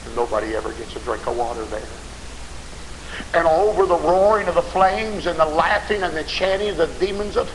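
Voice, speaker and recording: A man preaching a fiery revival sermon with dramatic emphasis at a church service. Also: mid-range voice. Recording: echoey hall, hiss.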